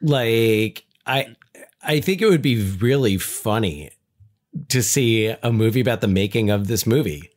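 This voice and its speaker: A man's voice: on the low side, lively intonation, a little slow. A man in his thirties co-hosting a podcast, chatting casually with many restarts and fillers. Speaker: podcast co-host. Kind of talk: casual chat.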